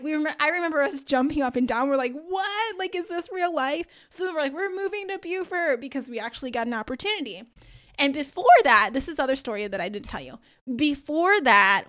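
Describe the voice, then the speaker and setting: Animated young woman telling a story. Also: a little high. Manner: animated storytelling with many likes and ums. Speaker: podcast host and career coach. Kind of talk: casual faith-based podcast talk.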